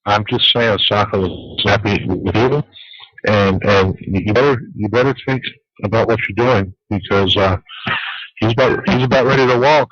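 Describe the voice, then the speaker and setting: A man's voice: on the low side, moderate pace, fairly bright tone, dry recording. A man calling in by phone as a radio show guest, teasing the hosts with dry humor. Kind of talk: casual call-in talk radio banter. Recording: dull dry lo-fi phone-in audio.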